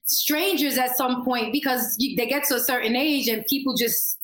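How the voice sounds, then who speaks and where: A woman's voice: on the high side, normal speed, a bit bright, reverberant. A woman with a New York accent, a podcast guest chatting emphatically and laughing often. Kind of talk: casual interview chat.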